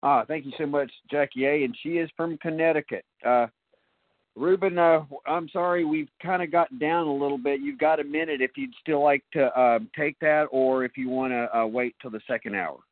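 A man's voice: on the high side, no room sound. A man runs a recovery meeting, thanking each speaker politely and keeping things moving. His voice is dry and close. It sounds tinny, like a phone line. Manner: polite, apologetic, brisk. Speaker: meeting chair.

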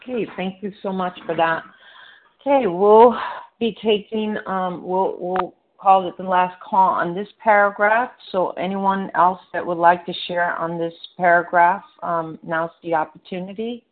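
Low-pitched woman chairing a meeting. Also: steady tone, unhurried, a little hiss or hum. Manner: polite, facilitating. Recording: tinny phone-line audio.

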